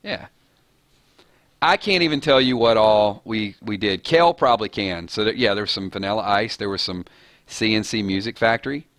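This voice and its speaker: A man's voice: on the low side, normal speed, a bit bright, no echo, clean studio sound. A man hosting a casual live-stream chat, rambling and chuckling as he talks. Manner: rambling, chuckling, self-deprecating. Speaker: host.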